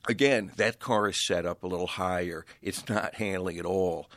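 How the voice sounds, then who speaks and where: A man in casual podcast chat who talks in a grumpy way, with halting restarts. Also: sits low, a bit bright, no room sound.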